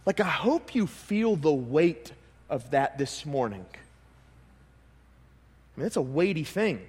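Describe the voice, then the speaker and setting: A man with a high voice, preaching to his congregation in a relaxed, conversational way and often restarting his sentences. His voice carries a long reverb from the church hall around him. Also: measured pace, pauses often, slightly rough. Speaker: pastor. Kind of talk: sermon.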